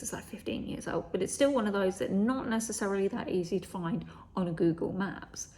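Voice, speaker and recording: A vlogger, this young woman speaks at a medium pitch, fairly quickly and with few pauses, in a slightly mellow voice. Her story comes out casual and profane, with acted-out quotes and frequent whispers.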